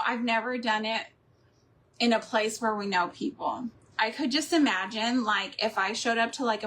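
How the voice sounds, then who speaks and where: A woman's voice: fairly high pitch, a bit bright, slight background noise. A middle-aged woman hosting a crafting video, chatting casually with viewers as she works, rambling and laughing often. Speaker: craft and homemaking channel host. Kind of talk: casual chat while crafting, answering live chat.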